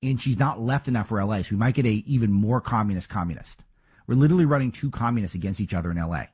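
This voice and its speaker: A male talk host with a husky, slightly rough voice, pitched a little low. He argues his points emphatically and fires off rhetorical questions in a political commentary monologue. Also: rapid-fire, a little mellow.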